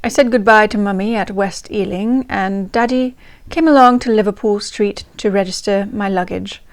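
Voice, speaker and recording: A woman's voice: medium pitch, moderate pace, natural voice. A woman reading aloud as a chatty young 1920s English woman diarist, in a put-on English accent. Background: faint ragtime music.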